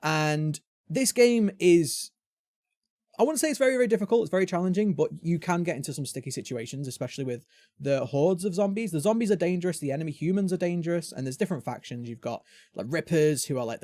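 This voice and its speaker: A man's voice: fairly high pitch, dark tone, no echo. Chatty British man hosting a podcast. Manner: chatty, rambling, self-interrupting. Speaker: podcast host. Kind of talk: casual chat.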